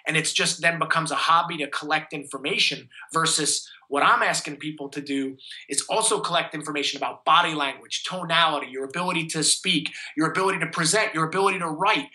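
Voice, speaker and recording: A man's voice: fairly high pitch, fast, hardly any pauses, bright, forceful tone, low-quality recording. A man, giving an enthusiastic, motivational interview as a fitness coach. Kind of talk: energetic interview talk.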